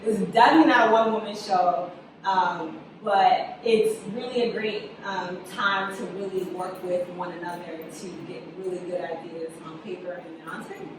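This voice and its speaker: Her voice sits on the low side at a moderate pace. A young adult writer and director, she's a guest in a casual interview, telling lively stories, acting out what people said, and laughing often. Background noise, echo, and a distant mic are audible.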